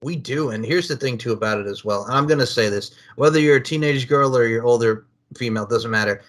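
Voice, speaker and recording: A man's voice: mid-range voice, fast talker. A man hosting a podcast interview, talking emphatically and swearing casually. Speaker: podcast host.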